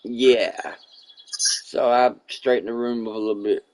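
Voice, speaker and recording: This is a man live streaming, chatting casually as he spins a rambling, swear-filled story and acts out the others' lines as quoted dialogue. His pitch is medium and his delivery a little slow.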